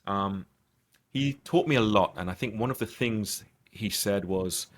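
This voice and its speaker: A man's voice: fairly low pitch, measured pace. A man being interviewed on a podcast, talking earnestly and reflectively, often restarting his sentences. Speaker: podcast guest. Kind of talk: conversational interview.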